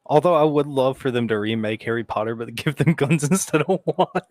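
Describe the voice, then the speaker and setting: A man's voice: medium pitch, fairly quick, darkish tone, dry recording, studio quality. A man bantering and joking with friends in an online voice chat. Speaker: friend on the stream. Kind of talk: casual chat.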